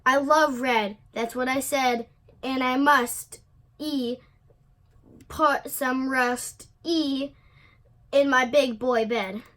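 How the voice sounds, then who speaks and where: A woman's voice: sits high, steady tone, extremely slow, long pauses, fairly bright tone, full character voice. A woman voicing a playful little kitten boy who thinks he's a chihuahua, in a storybook read-aloud with a sing-song manner.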